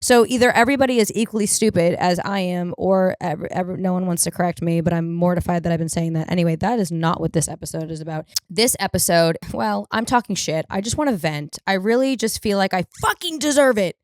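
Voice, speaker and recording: A woman's voice: fairly low pitch, fast talker, few pauses, dry recording, clean studio sound. A young woman hosting a podcast, telling rambling, profane stories in a casual comedic monologue. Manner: rambling, profane, animated storytelling. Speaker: podcast host.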